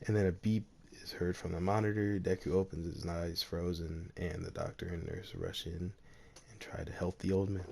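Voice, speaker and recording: A young man retells a story casually, rambling with lots of fillers. His voice sits low. It is gravelly and creaky. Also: steady tone, normal speed, darkish tone. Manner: rambling, full of "like" and "you know". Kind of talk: casual fan-fiction retelling.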